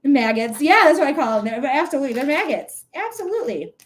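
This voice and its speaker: A woman hosting a live psychic-reading stream, talking in a blunt, outspoken way, swearing freely and tossing quick asides to viewers. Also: high-pitched, big pitch swings, slight background noise. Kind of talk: casual live-stream chat.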